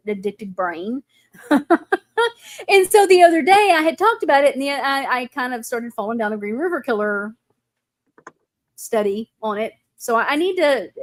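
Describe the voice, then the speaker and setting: Woman host telling a story, kinda high voice, lively. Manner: animated storytelling. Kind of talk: casual chat.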